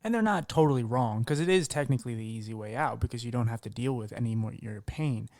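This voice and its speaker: A man's voice: medium pitch, quick pace, a little mellow, no echo. A man hosting a podcast interview, talking candidly in a rambling way with many restarts. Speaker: podcast host. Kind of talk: casual conversational interview.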